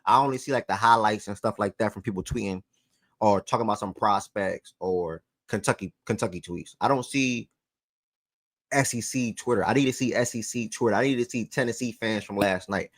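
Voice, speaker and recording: A man's voice: lowish voice, brisk, fairly bright tone, dry recording. A man hosting a sports talk show in a loose, slangy way, repeating phrases for emphasis and getting worked up.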